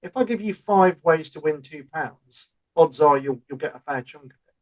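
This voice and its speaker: A man's voice: a little high, lively intonation, normal speed, rough recording. A man co-hosting a podcast. He talks in an easy, chatty way and explains ideas through everyday examples. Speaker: podcast co-host. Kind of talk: casual chat.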